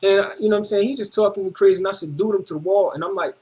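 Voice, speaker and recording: Emphatic high-pitched man, casual slang-heavy testimony, repeats himself. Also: very fast, darkish tone. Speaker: video testimony speaker.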